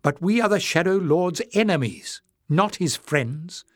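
A man's voice: high-pitched, lively intonation, measured pace, no room sound, pitched above the performer's own voice. A man playing a stubborn young heroine from a fantasy storybook, urgent and emphatic, her voice raised well above his own. The sound is dry and close.

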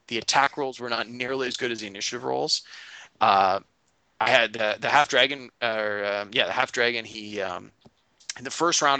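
A man recaps last week's tabletop game as its game master, his voice bright and forward. He tells it casually and animatedly, jumping into his players' lines as he goes. The sound is dry and close. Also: mid-range voice, no room sound, rough recording. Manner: animated retelling, quotes players in quick voices. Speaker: game master recounting a session.

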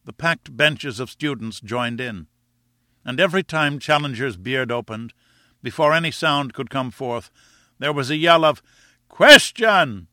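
Bright-voiced man narrating a novel. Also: mid-range voice, no room sound. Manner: measured, expressive storytelling. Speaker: audiobook narrator. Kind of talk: scripted narration.

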